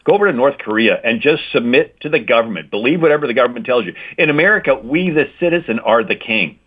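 Over a tinny, phone-like line, a male guest speaker on Christian history lectures emphatically about church history in a mid-range voice, quick-paced and lively in intonation. He explains his points and keeps repeating key ones, checking in with "right?"

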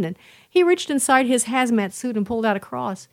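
A woman's voice: on the high side, fairly quick. A woman host talking straight to her listeners in a casual monologue, telling stories with emphatic repetitions. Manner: animated storytelling, emphatic repetitions.

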